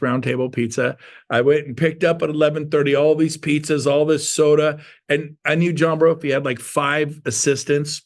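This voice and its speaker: A man's voice: a little high, vocal fry. A man giving a sales talk to an audience, telling stories in a punchy, playful, folksy way and acting out the dialogue. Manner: animated storyteller acting out dialogue. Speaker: motivational sales speaker.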